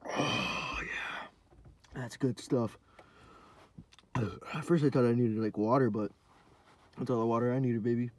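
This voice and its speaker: A young man hosting a podcast, telling a rambling, profane story in a casual monologue full of fillers, sometimes dropping to a low mumble. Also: steady tone, moderate pace, long pauses, a little mellow. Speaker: podcast host.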